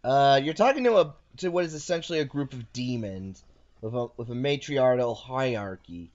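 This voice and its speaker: A man's voice: mid-range voice, lively intonation, normal speed, darkish tone, dull audio. A man hosting a casual card game session, playfully narrating each of his moves. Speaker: host and card game player. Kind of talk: casual chat while playing a card game.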